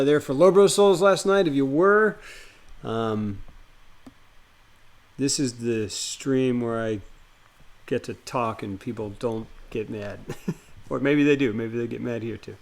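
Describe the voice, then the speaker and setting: A man with a medium-pitched voice streams live, chatting loosely with viewers and greeting them by name before he reads a horror story aloud.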